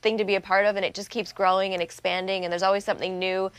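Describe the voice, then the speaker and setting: A middle-aged woman from Canada chatting as a guest in a TV interview, bubbly and quick, laughing often. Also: medium pitch, little pitch movement, clean tone, dry recording. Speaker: voice actress guest. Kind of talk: casual TV interview chat.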